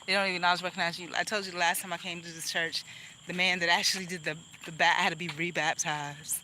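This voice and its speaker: Angry woman venting, bright forceful voice. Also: fairly low pitch, little pitch movement, quick pace, a little hiss or hum, rough recording. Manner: venting, rambling with restarts and laughs. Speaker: vlogger. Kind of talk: casual vlog monologue.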